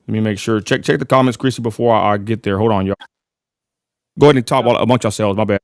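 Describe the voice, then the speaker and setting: A man's voice: lowish voice, fast talker, no room sound, studio quality. A man with a West Texan accent hosting a casual livestream, rambling and apologetic, constantly addressing his viewers as y'all. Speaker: livestream host.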